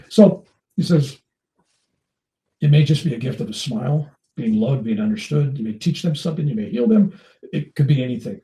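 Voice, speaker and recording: Older male guest, animated storyteller, mellow tone, acts out voices; roomy, distant mic. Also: mid-range voice, fairly quick. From United States. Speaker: interview guest. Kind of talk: storytelling in casual conversation.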